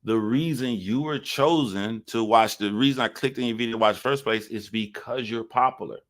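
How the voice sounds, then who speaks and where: A man's voice: medium pitch, moderate pace, fairly bright tone. A man giving casual reaction commentary to a video, talking in an earnest, rambling way with some swearing.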